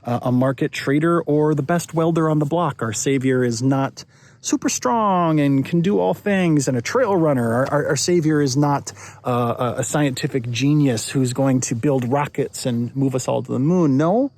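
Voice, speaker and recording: A man, a pastor, giving a short devotional talk in a relaxed, conversational way, often restarting and repeating words. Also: medium pitch, normal speed. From United States.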